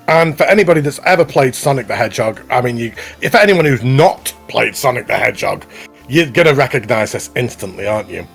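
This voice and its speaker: Man, co-host, husky voice, upbeat chatty praise, faint music behind. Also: mid-range voice, expressive, fairly quick, fairly bright tone. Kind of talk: casual chat commentary on contest entries.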